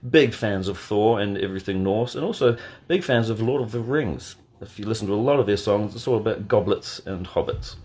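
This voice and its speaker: A man hosting a casual live watch party from bed, answering chat questions in a deadpan, joking way. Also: on the low side. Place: in bed at home. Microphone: phone.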